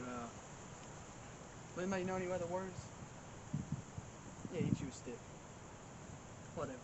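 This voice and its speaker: Man, high voice, folksy deadpan comic host, loud noise behind. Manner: rambling, folksy, mock-boastful. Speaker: comedy show host. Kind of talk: deadpan comedic monologue. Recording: loud outdoor background noise.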